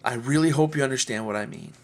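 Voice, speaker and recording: A man's voice: medium pitch, very animated, fast, gravelly. A man talking earnestly and heartfelt to camera in a personal vlog. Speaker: video blogger.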